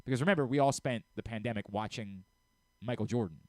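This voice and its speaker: A man's voice: medium pitch, fast talker, a little mellow, no echo. Middle-aged guy doing sports talk radio, earnest and kinda emotional, stumbles and restarts a lot, dry close mic. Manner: earnest, openly emotional, frequent stammered restarts.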